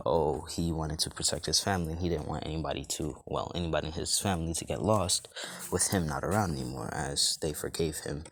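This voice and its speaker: Deep-voiced young man rambling a fan story. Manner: rambling, filler-heavy, casual. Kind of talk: improvised fan fiction storytelling.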